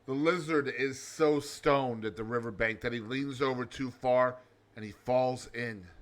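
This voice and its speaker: A man hosting a daily comedy show in a loud, over-the-top alter-ego persona, reading facts and telling jokes. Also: mid-range voice, a little slow. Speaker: host.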